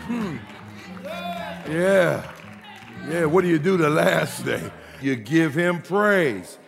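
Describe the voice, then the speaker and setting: High, gravelly preacher man in a reverberant hall. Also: lively intonation, slow, over music, a crowd in the background. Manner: call-and-response preaching, building to shouts; humorous asides to the congregation. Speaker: pastor. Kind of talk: sermon.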